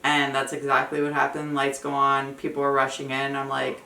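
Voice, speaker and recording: Young woman, casual vlog storyteller, chatty with lots of fillers; bright tone, echoey room. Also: rumbling low, monotone, normal speed, distant mic. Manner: chatty, fillers of "like", emotional retelling. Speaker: vlogger. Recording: echoey room, voice a bit off-mic.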